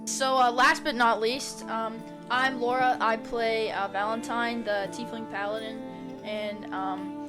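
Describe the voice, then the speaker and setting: A woman's voice: on the high side, flat delivery, measured pace, over music. A woman player in a tabletop game, talking casually and rambling with fillers. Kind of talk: casual chat.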